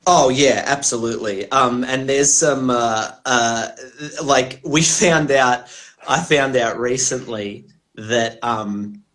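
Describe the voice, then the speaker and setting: A man's voice: medium pitch, slow, fairly bright tone. Rambling man telling stories. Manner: rambling, laughing and swearing through anecdotes. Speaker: comedian guest. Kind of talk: casual storytelling.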